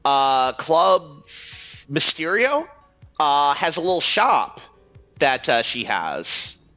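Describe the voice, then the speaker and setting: A man's voice: a little high, very animated, slow pace, bright, forceful tone. Chatty man commentating a game. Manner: chatty, rambling, self-deprecating. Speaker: let's play host. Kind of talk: gameplay commentary. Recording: slightly muffled, music faint.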